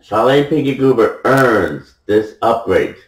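A man slowly reading out scores like a sideline reporter, laughing and choked up. His voice sits back from the mic in a roomy space. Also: medium pitch, expressive, distant mic. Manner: emotional, laughing, half-joking reporter act. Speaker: gamer narrating his own match. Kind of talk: casual sideline-style game recap.

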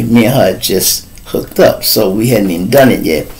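A man's voice: on the low side, animated, moderate pace, darkish tone, rough recording. A man with a Chicago accent, hosting a live talk show and telling crude stories, laid-back and speaking straight to his listeners. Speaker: show host.

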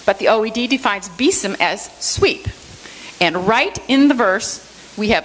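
A woman's voice: mid-range voice, unhurried, long pauses, fairly bright tone, a little hiss or hum, poor audio. A woman giving a church Bible study lecture, explaining word meanings and checking in with her listeners with a frequent "okay?", with light self-deprecating humor.

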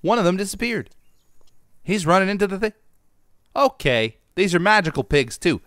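A man's voice: high-pitched, very animated, moderate pace, a bit bright, no room sound, studio quality. A man hosting a gaming channel, giving casual, playful commentary to his viewers as he plays. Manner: playful and joking, talks to viewers.

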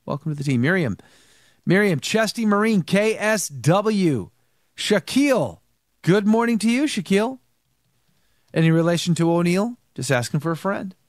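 A man's voice: high-pitched, very animated, normal speed, no room sound, studio quality. Nasal, congested man hosting a livestream. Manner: chatty, greets viewers one by one, jokey. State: congested from allergies, tired. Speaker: host of a live news show. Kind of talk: casual live-stream chat.

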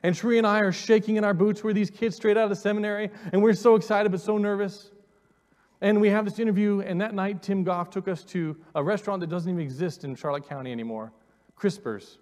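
High-voiced pastor in a reverberant church. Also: male voice, fast talker, darkish tone. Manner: earnest storytelling, repeats words, calls congregation forward. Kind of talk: sermon with personal testimony. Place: church sanctuary. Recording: long reverb of a church hall.

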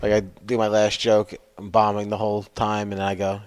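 A man's voice: lowish voice, completely flat delivery, moderate pace. A man, a stand-up comedian co-hosting a podcast, chatting casually and laughing between remarks.

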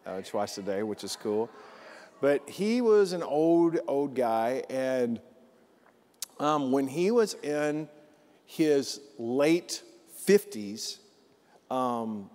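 Animated preacher man in a reverberant church. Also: mid-range voice. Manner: animated, repeats phrases for emphasis, asks the crowd "right?". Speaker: pastor. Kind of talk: sermon storytelling. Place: church sanctuary. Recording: long church hall reverb.

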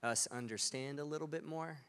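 A man interviewing a guest in a relaxed, appreciative way. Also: a little high, a little fast. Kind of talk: conversational interview.

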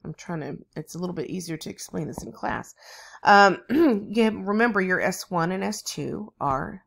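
A woman's voice: on the low side, animated, moderate pace, gravelly, a bit bright. A woman teaching nursing students in a recorded lecture, explaining at an easy pace with frequent ums and chanting rhythms aloud. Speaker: nursing instructor.

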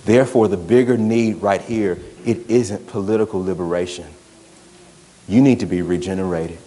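A man's voice: low-pitched, moderate pace, warm tone, in a large hall. A man, a pastor preaching a sermon in a conversational, emphatic way that drives points home through repetition. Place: church sanctuary.

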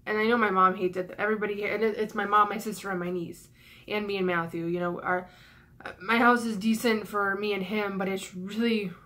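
A young woman venting in a vlog, flustered and breathless, rushing her words with sighs and swearing, stressed and near tears with her voice cracking. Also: medium pitch, fairly even intonation, sharp tone. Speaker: YouTuber. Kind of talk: emotional vlog rant.

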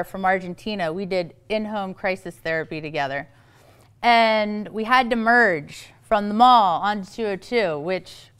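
A woman giving a storytelling talk on parenting to an audience, animated and acting out the voices she quotes. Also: medium pitch, clean tone. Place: event hall.

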